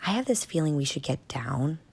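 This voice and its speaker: A woman's voice: sits low, sing-song, slow, vocal fry, sharp tone, husky, exaggerated voice. Woman voicing a headstrong young girl. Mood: hushed. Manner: firm and matter-of-fact.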